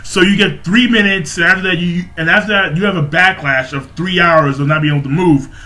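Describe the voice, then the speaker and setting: Excitable, bright-voiced young man ranting. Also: high-pitched, a little fast. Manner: excitable, profane, laughs and exclaims often; rambling with many fillers and restarts. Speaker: manga chapter reviewer. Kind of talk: casual excited recap and commentary.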